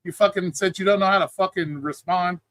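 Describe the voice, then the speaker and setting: Man, high voice, bright edge, blunt and profane, lecturing host, dry close mic. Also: steady tone, brisk, dry recording. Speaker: streaming show host. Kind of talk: heated livestream argument.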